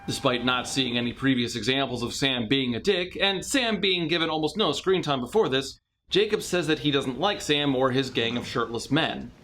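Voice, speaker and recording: A man's voice: medium pitch, moderate pace, pushed and bright. A man narrating a scripted comedic movie review with sarcastic, mocking asides.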